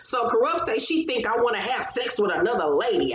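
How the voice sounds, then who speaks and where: A woman's voice: a little high, very animated, fairly quick, hardly any pauses, fairly bright tone, roomy sound, low-quality recording. A woman hosting a casual reality TV recap, talking bluntly and profanely with sassy reactions. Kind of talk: casual chat.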